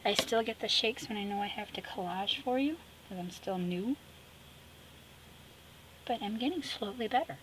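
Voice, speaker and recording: A woman vlogging as she makes an art collage. She chats casually and sassily, talks to herself as she works, and often drops into soft whispers. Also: medium pitch, normal speed, long pauses. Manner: chatty, drifting into soft whispers; sassy, talks to herself while working. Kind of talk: casual chat while crafting. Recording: steady background noise with clicks.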